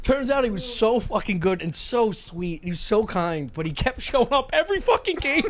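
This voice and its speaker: A man hosting a casual comedic chat, an animated and profane storyteller. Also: high voice, moderate pace, hardly any pauses.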